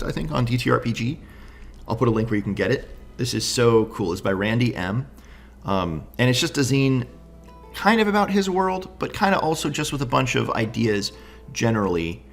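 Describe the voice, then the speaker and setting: Man, low voice, gravelly, enthusiastic game master, casual review, faint music behind. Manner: enthusiastic, thinks aloud with many "right?"s.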